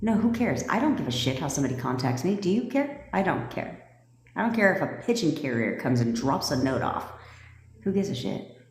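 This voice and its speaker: A woman's voice: low voice, sing-song, a little fast, slight background noise. Blunt, foul-mouthed woman in an echoey room. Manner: blunt, profane and bossy; loose and joking, with laughs. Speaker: manifestation coach. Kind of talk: live-stream coaching talk. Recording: echoey room with long reverb.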